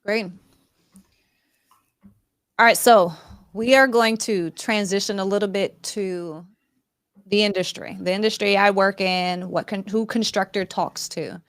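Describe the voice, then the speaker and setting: A woman hosting an interview, asking questions in a friendly, halting way with many fillers. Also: mid-range voice, fairly even intonation, smooth, no echo, clean studio sound. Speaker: interview host. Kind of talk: conversational interview.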